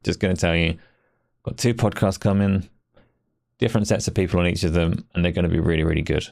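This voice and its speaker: Brief: low gravelly male streamer, shivering, rambling casual chat. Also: little pitch movement, fast talker, a little mellow. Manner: rambling, chatty, says he is shivering from cold. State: shivering from cold. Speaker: stream host.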